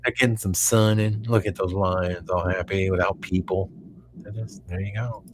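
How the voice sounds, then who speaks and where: Rambling low-voiced man with a Texan drawl. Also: steady tone, slight background noise. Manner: rambling, halting, many restarts. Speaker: co-host of a live show. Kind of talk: casual live-stream chat.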